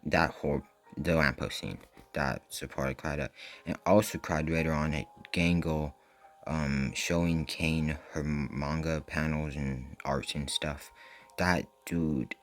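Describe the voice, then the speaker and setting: Rambling young man with a very deep voice. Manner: rambling, filler-heavy, emotional. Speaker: host. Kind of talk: casual fan chat about a cartoon episode.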